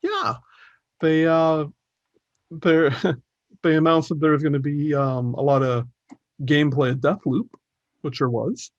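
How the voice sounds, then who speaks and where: A man's voice: on the high side, fairly even intonation, takes it slowly, pauses often, dry recording. A man co-hosting a casual gaming podcast, rambling with many fillers and chuckles. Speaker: podcast co-host. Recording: dull, dry podcast audio.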